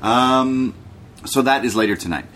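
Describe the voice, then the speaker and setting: A man's voice: mid-range voice, measured pace, fairly bright tone, a little hiss or hum. A young man co-hosting a podcast, casually recapping wrestling in a laid-back, jokey way with plenty of swearing. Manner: laid-back, profane, jokey, mimics people. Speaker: podcast co-host.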